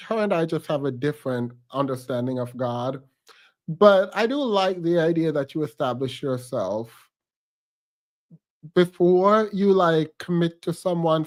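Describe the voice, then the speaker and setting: A man giving casual, sassy reaction commentary on a clip. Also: on the high side. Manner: sassy, chatty, calls the speaker "girl".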